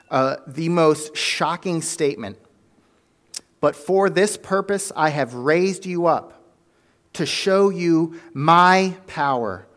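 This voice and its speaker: A man's voice: on the high side, a bit bright. A man preaching a sermon, telling a story with energy and plenty of fillers and self-corrections.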